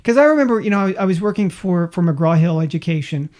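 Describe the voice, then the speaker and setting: A man's voice: high voice, animated, quick pace, a little mellow. Male co-host, rambling storyteller who acts out quotes in casual chat. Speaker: podcast co-host.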